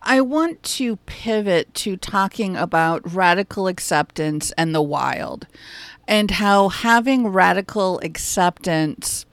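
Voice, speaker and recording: A woman hosting a solo podcast, speaking in a calm, measured and reassuring way. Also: medium pitch, no room sound. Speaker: podcast host. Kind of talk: reflective solo podcast talk.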